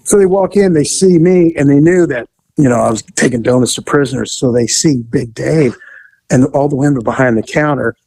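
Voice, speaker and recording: A man telling casual police stories, animated, laughing and swearing freely. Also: medium pitch, fairly quick, gravelly, no echo, rough recording.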